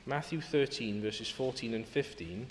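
A man's voice: medium pitch, normal speed, slight background noise. A man preaching a sermon in a church, earnest and emphatic, often rising to exclamations. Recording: echoey hall with long reverb.

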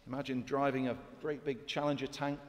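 A man's voice: medium pitch, flat delivery, brisk, long reverb tail. A man preaching a sermon in a church, emphatic and full of rhetorical questions to his congregation.

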